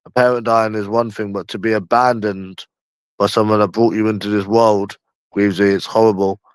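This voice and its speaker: A man with a London accent hosts a casual livestream chat, rambling and repeating himself, sometimes dragging his words out slowly, with slang and swearing. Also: on the low side, little pitch movement, smooth, no room sound. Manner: rambling and repetitive, often slow and drawn out, with slang and swearing. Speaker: livestream host.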